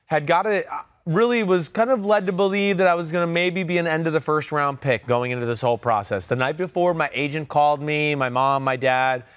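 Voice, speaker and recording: Smooth-voiced man telling football stories. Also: a little high, brisk, hardly any pauses, fairly bright tone, no echo. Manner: loose, rambling storyteller with many fillers. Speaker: podcast host, former NFL quarterback. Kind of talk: casual sports podcast storytelling.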